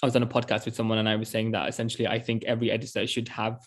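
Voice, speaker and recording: A man's voice: lowish voice, completely flat delivery, very fast. A man in his twenties, an author, talking earnestly in a casual interview over a video call, often laughing and restarting his sentences. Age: 20s.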